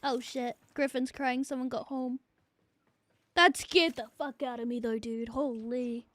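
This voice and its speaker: Young woman, casual gaming streamer, swears a lot, high voice, dry close sound. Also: steady tone, measured pace, fairly bright tone, no room sound. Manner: casual, swears freely, laughs often.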